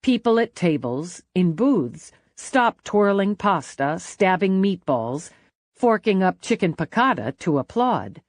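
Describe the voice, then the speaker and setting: A woman narrates a mystery novel at an unhurried pace with a lively, melodic delivery. Her voice sits on the lower side, recorded close in a dry, dead studio. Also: no echo. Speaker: audiobook narrator. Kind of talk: scripted narration.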